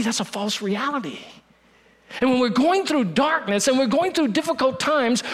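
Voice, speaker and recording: A man preaching a sermon, dropping to a hush and then rising to urgency, repeating lines for emphasis. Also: high voice. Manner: preaching with dramatic dips to a hush and rises to urgency. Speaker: pastor.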